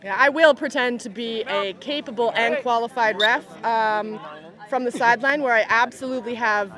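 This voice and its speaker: Excitable Canadian woman commentating outdoors. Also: a little high. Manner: excitable, quick to exclaim at plays. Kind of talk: live sports commentary. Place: outdoor tournament sideline. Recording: outdoor crowd noise behind.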